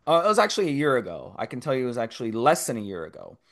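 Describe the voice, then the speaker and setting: A man's voice: medium pitch, sing-song, very fast. A man in his forties telling a rambling, profane story in casual podcast chat. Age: 40s. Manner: profane, rambling, repeats himself. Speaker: podcast co-host.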